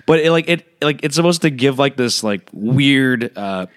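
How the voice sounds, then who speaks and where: Animated, swearing man in casual chat. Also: medium pitch, normal speed, smooth. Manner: animated, filler-heavy, swears and jokes, acts out quotes. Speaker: podcast co-host.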